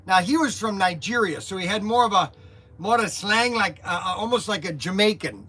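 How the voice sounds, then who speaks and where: A man hosting a casual livestream from a warehouse workspace, telling rambling, animated stories with lots of jokes. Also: high voice, brisk, breathy edge. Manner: rambling, animated storytelling, joking. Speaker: host of a toy and hobby shop livestream.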